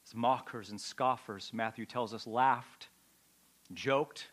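A man preaching a sermon with a dramatic delivery, swinging from loud outbursts to a hushed, low voice. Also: takes it slowly. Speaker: pastor.

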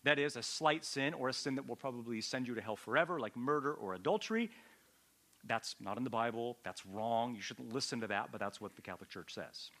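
A man preaching a teaching sermon, emphatic, rising to loud peaks on key points and putting questions to his listeners. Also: mid-range voice, expressive, brisk. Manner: addresses listeners directly with questions. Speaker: pastor.

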